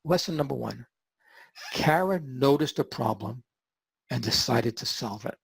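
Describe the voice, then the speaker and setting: A man hosting a podcast and telling a story in an animated way, acting out the quotes. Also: medium pitch, a little slow, vocal fry, breathy edge, no room sound. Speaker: podcast host.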